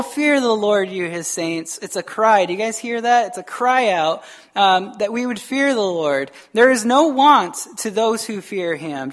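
A man's voice: sits high, fairly bright tone. A male pastor giving an informal sermon that mixes scripture reading with personal testimony, often asking his listeners "right?" in an earnest, plainspoken way.

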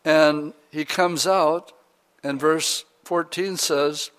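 A male preacher retelling a scripture story in a relaxed, conversational way, dropping in modern slang. His voice sits a little higher than most men's. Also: very slow, clear, resonant tone. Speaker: pastor. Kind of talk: sermon, retelling a Bible story.

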